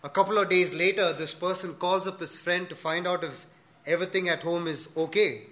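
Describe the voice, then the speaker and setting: A pastor with a high, bright voice delivers a sermon to his church. He tells stories animatedly, acts out the characters' lines, and presses his listeners with earnest questions. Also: fairly quick. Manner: animated storytelling, acting out dialogue in a joke; earnest rhetorical questions to the congregation.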